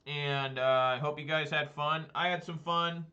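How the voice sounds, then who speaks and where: A man's voice: fairly high pitch, flat delivery, normal speed, bright, forceful tone. A man streaming a card game, chatting casually in a frank, rambling way with lots of fillers and some grumbling. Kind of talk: casual outro chat while gaming. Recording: slightly dull lo-fi stream audio.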